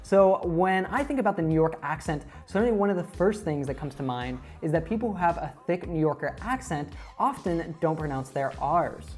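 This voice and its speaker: A woman presenting an online English lesson, explaining clearly and speaking directly to viewers. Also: low voice, expressive, moderate pace, hardly any pauses, a little mellow, faint music behind. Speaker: English teacher.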